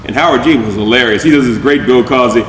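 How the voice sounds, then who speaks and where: A man rambles through jokes as the host of a loose comedy show. His voice sits at an everyday middle pitch and sounds echoey and set back from the mic. Faint music plays underneath. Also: fast talker, a bit bright, far from the mic. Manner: joking, rambling with restarts. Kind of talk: improvised comedy banter.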